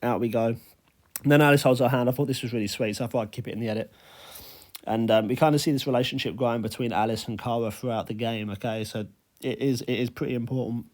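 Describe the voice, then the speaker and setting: A young man recapping a video game he played, talking fast and excitedly and saying "bro" a lot. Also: mid-range voice. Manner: animated, says "bro" constantly. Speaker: gaming YouTuber.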